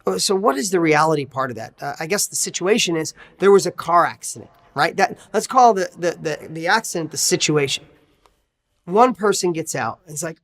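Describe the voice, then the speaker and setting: A man's voice: fairly high pitch, expressive, brisk, a bit bright. Male success coach, motivational talk, punchy and emphatic, leans on rhetorical questions.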